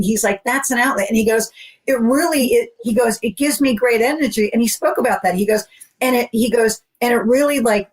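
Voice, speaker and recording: A woman co-hosting a podcast, telling a story in a rambling, animated way and acting out the dialogue. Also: a little high, low-quality recording. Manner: rambling, animated, acts out quoted dialogue, many fillers. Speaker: podcast co-host. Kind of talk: casual storytelling.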